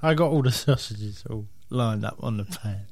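A man co-hosting a comedy podcast, telling an absurd anecdote in a deadpan, rambling way with low mumbled asides. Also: moderate pace, slight background noise. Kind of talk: absurd comic anecdote, improvised banter.

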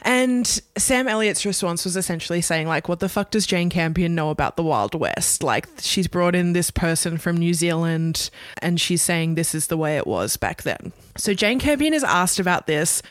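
A woman's voice: fairly low pitch, sing-song, normal speed, dry recording. A woman with an Australian accent co-hosting a casual pop culture podcast, talking in a chatty way with lots of fillers. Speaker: podcast co-host.

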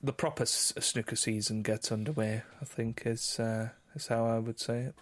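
A man co-hosting a podcast in casual chat, self-deprecating and quick to laugh. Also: medium pitch, fairly even intonation. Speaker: podcast co-host.

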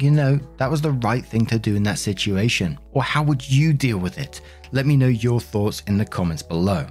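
Brief: male narrator for online stories, calm and matter-of-fact, faint music underneath. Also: lowish voice, normal speed, hardly any pauses, breathy edge. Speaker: story reader and host. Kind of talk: reading online posts aloud with commentary.

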